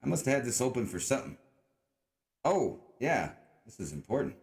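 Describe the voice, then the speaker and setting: A young man rambling through a casual livestream, talking straight to his chat. His pitch swings widely up and down as he jokes, and he leans into a put-on mock-redneck drawl with plenty of cursing and a sarcastic edge. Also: very animated, fairly quick, gravelly, darkish tone. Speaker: livestream host.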